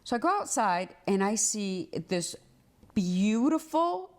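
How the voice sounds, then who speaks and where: A woman, a trial lawyer, telling a personal story in a casual, conversational monologue. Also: normal speed. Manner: animated, acts out dialogue with big pitch swings; conversational, many fillers like "like" and "right".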